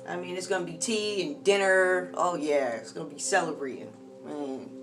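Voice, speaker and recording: Woman tarot reader, casual and animated, slangy asides, soft music bed underneath. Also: fairly low pitch, normal speed. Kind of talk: casual tarot reading monologue.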